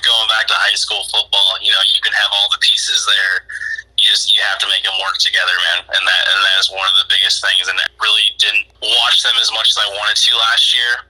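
Fast-talking husky man in casual chat. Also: lowish voice, bright, forceful tone, poor audio. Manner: rambling, repeats himself, many fillers. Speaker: podcast guest.

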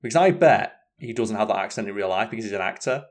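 Casual male co-host, low-pitched, sweary and animated. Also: quick pace. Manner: chatty, sweary, animated storytelling. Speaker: podcast co-host. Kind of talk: casual chat.

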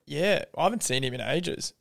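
A man's voice: fairly high pitch, lively intonation, normal speed, gravelly, crowd noise. An Australian man co-hosting a casual racing podcast, asking short questions and answering with hesitant fillers. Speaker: podcast co-host. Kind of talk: casual racing tips chat.

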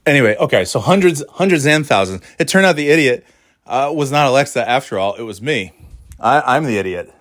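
A man's voice: mid-range voice, expressive, brisk, fairly bright tone, no echo, clean studio sound. A man from New England in a rambling, self-mocking monologue, exasperated at times.

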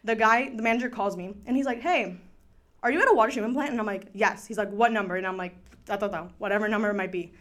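A woman's voice: mid-range voice, quick pace, a bit bright. A young woman telling a story in a casual, chatty way, full of "like" and the odd Spanish word. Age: young adult. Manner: chatty, filler-heavy, drops Spanish words. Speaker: student storyteller.

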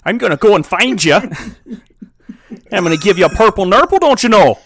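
A man's voice: high voice, lively intonation, normal speed, fairly bright tone, pitched above the performer's own voice, exaggerated voice. A man putting on an older Montreal mobster with a Canadian accent, stretching his vowels and tacking on "eh" and "don't you know.". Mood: blustering. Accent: put-on Canadian. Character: older male Montreal mobster, menacing, folksy.

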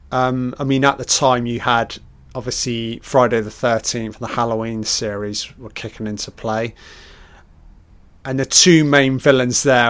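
A man rambles through a casual film commentary in a mid-pitched voice. He swears freely and breaks into mock dialogue for the characters, then carries on chatting. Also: a bit bright. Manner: sweary, jokey, acts out characters' lines.

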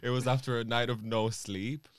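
Man, podcast guest, dry wisecracks, mid pitch, dead dry studio sound. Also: level tone, moderate pace, clear, resonant tone, no room sound. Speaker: guest, musician. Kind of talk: casual chat.

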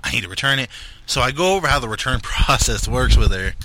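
A man's voice: mid-range voice, lively intonation, fast, noisy background. A man co-hosting a podcast, joking crudely, laughing often and telling an anecdote. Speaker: podcast co-host. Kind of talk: casual chat.

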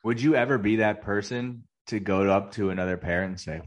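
A man with a fairly low voice co-hosts a casual podcast. He is easygoing, laughs along with his partner, and adds quick quips. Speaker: podcast co-host. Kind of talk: casual chat.

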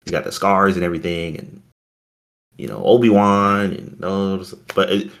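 A man's voice: on the low side, moderate pace. A man co-hosting a casual chat, rambling and gushing as he talks about a film. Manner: rambling, gushing fan talk.

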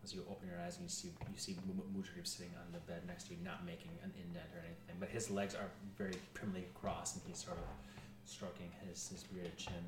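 A man with a low voice narrating and running a tabletop game, rambling and restarting as he goes. The room sounds echoey, with noise in the background. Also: quick pace, distant mic. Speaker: game master.

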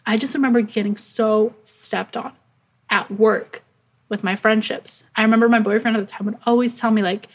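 A woman's voice: fairly high pitch, fairly even intonation, moderate pace. A young adult woman co-hosting a podcast, chatting casually and rambling with lots of "like". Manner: rambling, fills speech with "like". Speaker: podcast co-host. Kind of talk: casual chat.

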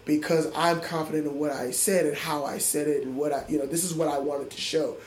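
A man's voice: a little high, fairly even intonation, brisk, a little hiss or hum. A man, a middle school music teacher, talking earnestly and reflectively in an interview, often restarting his sentences. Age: adult. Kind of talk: interview conversation. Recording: echoey room with faint ambience.

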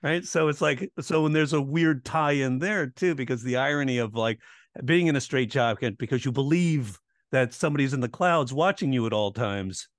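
A man's voice: medium pitch, normal speed, no echo, studio quality. A man coaching comedy writing in a casual interview, explaining in a teaching tone and acting out audience reactions and quoted lines. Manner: teaching tone, checks in with "right?".

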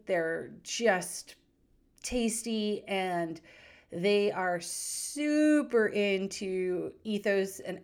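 A woman in her thirties hosting a podcast, telling stories in a chatty, animated way. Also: lowish voice. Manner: chatty, animated, acts out quoted voices. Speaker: podcast host. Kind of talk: casual storytelling chat.

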